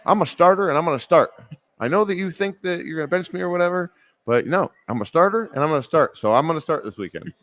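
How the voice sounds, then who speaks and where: A man's voice: fairly low pitch, animated, quick pace, close to an everyday voice. Brash, pumped-up coach, as a man puts him on. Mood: egging on. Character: brash excitable male football coach egging a player on.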